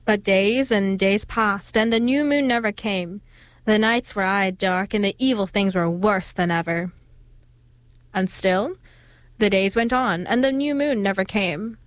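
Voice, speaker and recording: A woman reading an old folk tale aloud in a steady, expressive storytelling manner. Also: medium pitch, measured pace, no echo.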